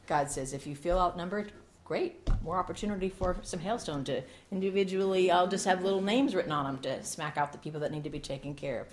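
Woman preacher, middle-aged, lively and jokey, kinda low voice. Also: a little hiss or hum. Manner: animated, jokey asides and laughs. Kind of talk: sermon.

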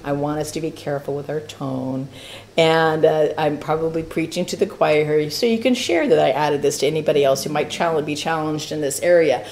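A woman teaching a church Bible study class, talking in a lively, playful way with frequent laughs and asides. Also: sits low, fairly quick.

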